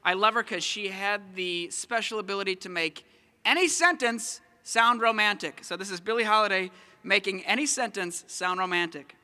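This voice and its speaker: A young man performing a stand-up comedy set, animated and self-mocking. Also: sits high, moderate pace. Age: young adult.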